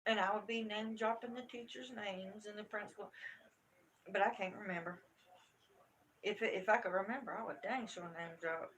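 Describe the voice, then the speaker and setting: A middle-aged woman hosting a live stream from home, telling a story in an animated, emphatic, folksy way. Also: medium pitch, moderate pace, slight background noise. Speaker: crochet channel host.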